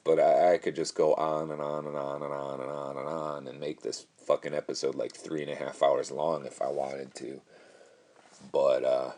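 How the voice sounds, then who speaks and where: A man's voice: rumbling low, mellow. A young man hosting his own podcast, telling a story in a rambling, casual way, laughing often and swearing freely. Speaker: podcast host.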